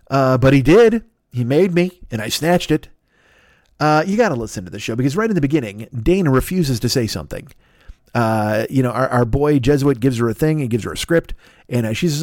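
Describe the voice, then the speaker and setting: A man's voice: mid-range voice, expressive, brisk, a little mellow, no room sound, studio quality. Profane, rambling podcast host, a man. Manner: profane, jokey, riffing off on tangents. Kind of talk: casual, rambling promo chat.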